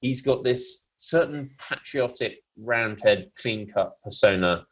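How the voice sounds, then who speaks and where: A middle-aged man co-hosting a comic podcast, delivering jokes in a deadpan, mock-serious way. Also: mid-range voice, slow pace, low-quality recording. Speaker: podcast co-host.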